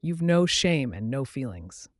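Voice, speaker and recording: A woman's voice: a bass voice, big pitch swings, unhurried, dry recording, clean studio sound, exaggerated voice. A man voicing a reproachful, sobbing Scottish woman friend in an audiobook.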